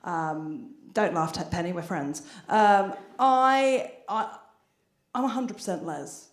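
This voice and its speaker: A woman's voice: fairly low pitch, slow pace, roomy sound. A woman doing a chatty, self-deprecating stand-up set on a theatre stage, with lots of filler restarts. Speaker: stand-up comedian. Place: theatre stage before an audience.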